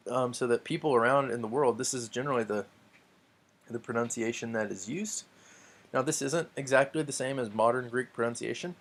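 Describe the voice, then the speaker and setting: A man teaching a recorded lesson in a relaxed, explanatory way, with frequent ums and restarts. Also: medium pitch. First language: English. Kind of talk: recorded classroom lecture.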